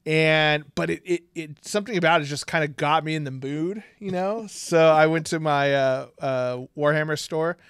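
A man's voice: a little high, normal speed, few pauses, fairly bright tone, smooth, no echo, studio quality. A man co-hosting a casual podcast, rambling with lots of fillers and frequent laughs. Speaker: podcast co-host. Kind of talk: casual chat.

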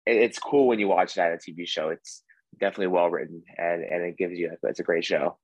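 A man's voice: low-pitched, fairly even intonation, quick pace, husky, no room sound, rough recording. A man from the United States, a guest on a podcast, chatting in an easygoing, rambling way. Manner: easygoing, rambling, filler-heavy. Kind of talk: casual podcast chat.

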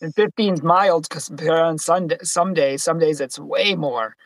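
A young podcast host from Boston, USA, chats on a casual livestream, telling stories and acting out the people he quotes in a higher voice. He speaks unhurriedly, and the recording is dry.

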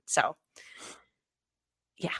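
A woman's voice: very slow, sharp tone. A woman co-hosting a podcast, telling a personal work story in a candid, reflective casual chat. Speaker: podcast co-host.

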